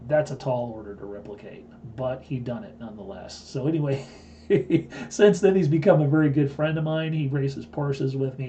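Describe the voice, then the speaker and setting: A man's voice: mid-range voice, creaky, mellow, a little hiss or hum. A man in his fifties hosting a live stream, telling a story in a blunt, boastful way. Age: 50s. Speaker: live-stream host and trading teacher.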